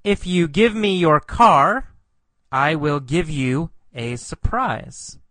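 Male teacher reading as a cool young woman, matter-of-fact, bright, dry sound, no real voice change. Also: a little high, slow, dry recording, voice pushed up. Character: young woman bargaining coolly.

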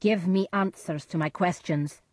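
A woman's voice: lowish voice, unhurried, a little mellow, no echo, studio quality. A woman voicing a tormented, haunted king who cries out frantically, in a storybook reading. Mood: commanding. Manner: frantic, crying out.

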